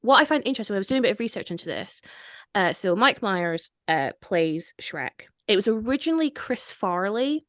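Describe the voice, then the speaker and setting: A woman's voice: mid-range voice, lively intonation, brisk, no echo, studio quality. A woman with a Scottish accent hosting a casual film podcast, talking in a chatty way, laughing easily and often restarting her sentences. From Scotland. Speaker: podcast host.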